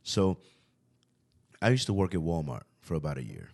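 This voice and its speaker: A man hosting a casual podcast and explaining a drinking game, relaxed, laughing often and often asking "you know what I mean". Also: low-pitched, moderate pace, gravelly. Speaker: podcast host.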